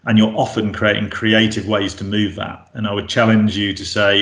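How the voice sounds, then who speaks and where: A man's voice: lowish voice, flat delivery, normal speed, few pauses, fairly bright tone. Man speaking casually in an echoey room. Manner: conversational, frequent fillers and restarts. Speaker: presenter. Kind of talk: webinar presentation. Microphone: video call. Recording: roomy echo.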